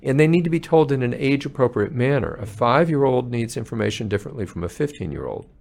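A man's voice: mid-range voice, lively intonation, quick pace, vocal fry, darkish tone. A male palliative care physician, a podcast guest, speaking earnestly and acting out patients' words as he tells stories. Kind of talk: conversational interview.

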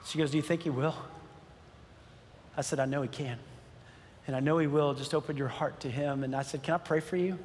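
A man's voice: fairly high pitch, fairly even intonation, brisk, long pauses, darkish tone, a little hiss or hum. A middle-aged man pastor telling a personal story in a sermon, earnest and building to emphatic preaching. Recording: long hall reverb.

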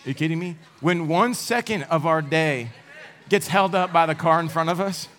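Speaking at a moderate pace, this young man from the United States has a fairly high, fairly bright voice. He's a campus speaker delivering a casual sermon to college students, joking at his own expense and laughing along the way.

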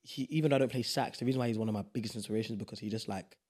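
A man's voice: fairly low pitch, rapid-fire. A young man from South East London with a London accent, a podcast guest chatting casually and emphatically. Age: young adult. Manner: animated, emphatic, slangy. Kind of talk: casual chat.

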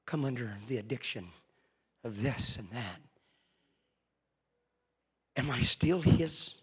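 A man preaching a sermon fervently, swinging from hushed confession to ringing shouts. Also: medium pitch, husky.

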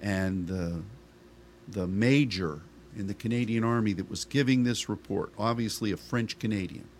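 A man's voice: lowish voice, normal speed, slight background noise. A middle-aged male pastor preaching a sermon in a conversational style, asking rhetorical questions of the congregation.

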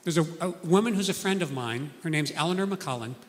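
A man's voice: fairly high pitch, lively intonation, fast, in a large hall. A man preaching a sermon, telling stories earnestly and acting out the people he quotes.

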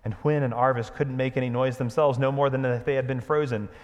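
A man's voice: medium pitch, fairly even intonation, brisk, highs cut off. Earnest male pastor in a reverberant church. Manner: earnest, growing quiet and intimate in prayer. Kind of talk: sermon with read-aloud story and prayer.

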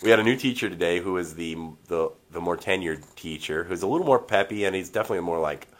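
A man with a low-sitting voice talks fast as a podcast co-host in casual chat, rambling, laughing frequently and swearing casually.

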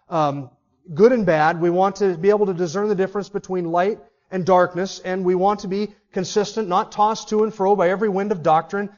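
A man's voice: high-pitched, darkish tone, muffled recording. A man preaching a sermon to his congregation, emphatic and putting rhetorical questions to them. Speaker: pastor.

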